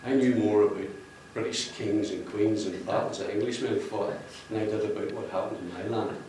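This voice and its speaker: A man's voice: lowish voice, normal speed, a little mellow. A man talks to a roomful of people. He rambles and jokes, and he laughs at his own jokes. He is picked up from a distance in a heavily reverberant room with a faint hum of ambience behind him. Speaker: book cover artist speaking at a launch. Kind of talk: public speech to an audience. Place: function room with an audience. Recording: echoey room, distant mic.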